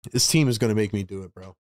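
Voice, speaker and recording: A man hosting a fan livestream, giving excitable play-by-play and talking to his chat, with sudden loud bursts of hype. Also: fairly low pitch, no room sound, studio quality.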